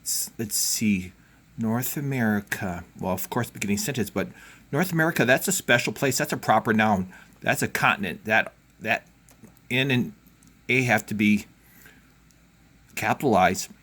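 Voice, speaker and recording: A man's voice: on the low side, lively intonation, normal speed, pauses often, sharp tone. Encouraging male teacher, casual lesson. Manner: casual, encouraging, thinks aloud. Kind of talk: home learning video lesson.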